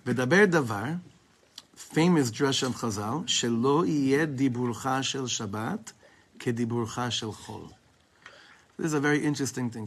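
A man giving an informal Torah class, talking conversationally and quoting Hebrew texts. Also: medium pitch. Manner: conversational, restarts and quotes in Hebrew. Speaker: Torah teacher.

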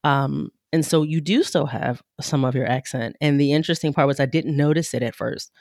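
A woman hosting an interview podcast, asking reflective, rambling questions and getting animated when reacting. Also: sits low, brisk, dry recording, clean studio sound. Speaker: podcast host. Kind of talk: conversational interview.

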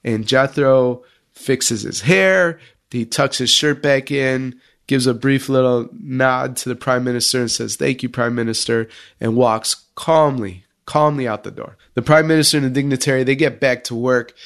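Guy on a podcast telling a story, animated and casual. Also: medium pitch, moderate pace. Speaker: school leadership podcast guest.

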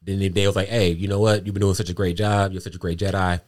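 Man, lowish voice, laid-back slangy talk, casual podcast chat. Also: fast. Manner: relaxed, slangy storytelling. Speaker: podcast co-host.

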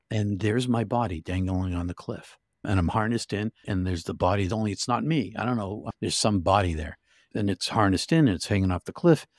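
An older man, an interview guest, telling his story in a vivid, halting way with restarts. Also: lowish voice, no room sound, clean studio sound. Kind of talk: emotional storytelling.

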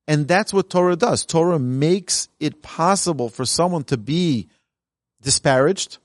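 A man's voice: on the high side, a little slow, no room sound, clean studio sound. A man, a rabbi, teaching a Talmud class in an earnest, emphatic way. He reads lines from the source text and then explains them in plain speech.

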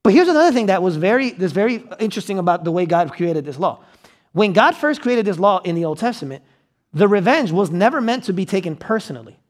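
A man preaching a sermon as pastor, conversational and checking in with his listeners, acting out quotes with sudden loud outbursts. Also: high voice, lively intonation, quick pace.

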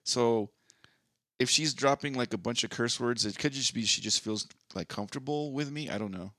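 A man's voice: mid-range voice, normal speed, bright, forceful tone, dry recording, clean studio sound. Blunt, laid-back man on a podcast. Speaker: podcast co-host. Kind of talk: casual podcast banter.

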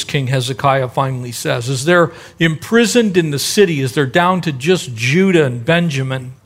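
A man's voice: mid-range voice, expressive, moderate pace, hardly any pauses. A middle-aged male pastor preaching a sermon in a conversational way, acting out the voices in the stories he tells.

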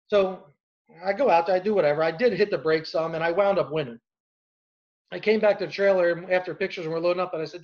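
A man with a fairly high voice tells a loose, rambling story, slipping into quoted back-and-forth between people. The recording is muffled and lo-fi. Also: a little fast. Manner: rambling anecdotal with quoted dialogue. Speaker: storyteller host. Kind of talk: casual storytelling.

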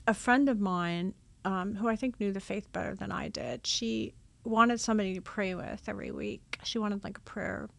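A religious sister telling her vocation story in a casual, animated way, acting out old conversations. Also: mid-range voice, moderate pace, gravelly, few pauses. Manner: animated, acts out her own past dialogue with laughs.

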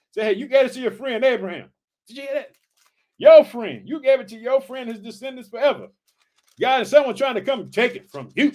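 A man preaches with fervent energy, his voice sitting high. He reads scripture aloud and keeps breaking off to exclaim to his listeners. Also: darkish tone. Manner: fervent, exclaiming, calls listeners "boy" and "family". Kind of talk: energetic Bible-reading sermon.

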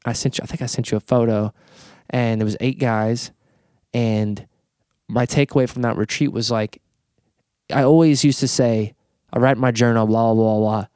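Animated man telling stories on a podcast, dry sound. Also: mid-range voice, normal speed, pauses often, clean tone, no echo. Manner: animated storyteller who swears and stammers on repeated words. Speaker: podcast host. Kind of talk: casual podcast conversation.

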